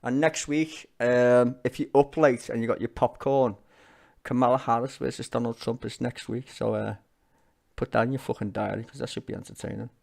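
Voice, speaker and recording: A Liverpool-accented man streams himself reacting to parliament, ranting angrily and swearing bluntly in a sweary commentary. His mid-range voice has vocal fry and a slightly mellow quality, with fairly even intonation at a normal speed.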